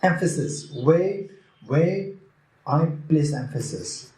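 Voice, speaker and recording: At a retreat, a Buddhist teacher with a slightly high, dark-toned voice speaks slowly but with lively intonation, a little hiss or hum audible. He teases and quizzes the audience and repeats his key phrases, and the room is echoey.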